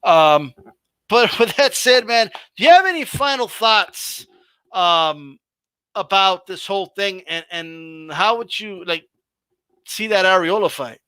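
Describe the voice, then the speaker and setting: High, bright-voiced man riffing on boxing. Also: slow pace, smooth, no echo. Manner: animated, swearing, laughing, slangy. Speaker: host. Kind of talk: casual boxing chat on a livestream.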